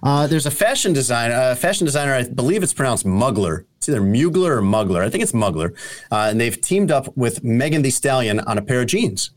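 A male host of a casual sports talk show, with a dry, teasing delivery. His pitch moves a lot as he talks, and he often pauses on a hesitant "uh" while he works through a story. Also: very animated.

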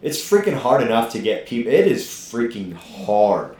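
With big swings in pitch around a medium register, this middle-aged gym owner keeps a normal pace and a darkish tone. He hosts a casual podcast, swearing and firing people up bluntly, recorded in an echoey room.

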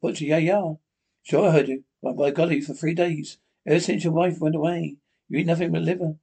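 A man's voice: fairly high pitch, fairly even intonation, brisk, creaky, dark tone, slightly rough. A man reading the part of a chatty, nosy butcher who speaks in broken English with folksy exclamations. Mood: teasing.

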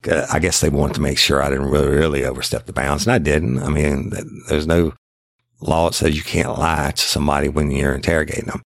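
A man, a former police detective telling a case story in halting, blunt, profane casual talk that repeats words. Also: a bass voice, flat delivery, gravelly, no echo.

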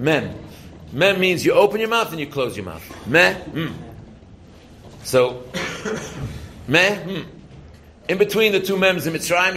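A man with a somewhat high, gravelly voice gives an informal Torah talk to young students. He repeats key phrases for emphasis and asks questions that he answers himself. A faint hiss of background noise sits under the voice. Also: poor audio. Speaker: rabbi teaching students.

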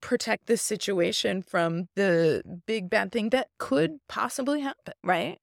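A woman therapist guest in an interview, talking in an upbeat, animated way and often checking in with "right?". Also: mid-range voice, a little slow, vocal fry, dry recording, studio quality. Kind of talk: conversational interview.

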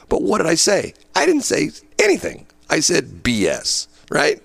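A man's voice: a little high, wildly swooping pitch, brisk, vocal fry, hardly any pauses, dry recording. A middle-aged man co-hosting a radio show, rambling and laughing as he acts out mock speeches in casual chat.

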